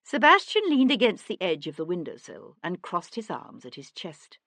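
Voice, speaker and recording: Low-voiced woman narrating an audiobook. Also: very animated, normal speed, fairly bright tone, dry recording. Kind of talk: scripted narration.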